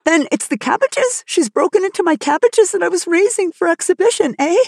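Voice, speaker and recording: A woman's voice: on the low side, expressive, moderate pace, no room sound, clean studio sound. A woman voicing a nervous, sheepish older farmer with a hasty temper, who stammers and blurts when flustered.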